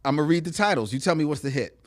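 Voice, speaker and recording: A man's voice: fairly high pitch, lively intonation, racing. A man co-hosting a live video podcast in casual chat, teasing and laughing often, drawing out words for emphasis. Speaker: podcast co-host. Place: podcast studio.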